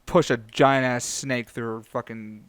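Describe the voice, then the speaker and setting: A man's voice: medium pitch, fairly even intonation, unhurried, fairly bright tone, dry recording, studio quality. A man co-hosting a casual game review chat, blunt and swearing often, sometimes trailing into mutters. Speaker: podcast co-host.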